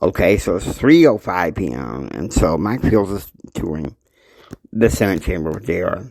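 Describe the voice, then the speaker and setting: A man telling a long improvised story in a loose, halting way, full of "you know" fillers. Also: deep voice, expressive, creaky, a little mellow, dry recording.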